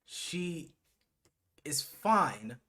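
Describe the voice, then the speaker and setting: A man co-hosting a podcast, recapping a show in casual chat and acting out quotes in low mumbles. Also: very animated, extremely slow, sharp tone. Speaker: podcast co-host.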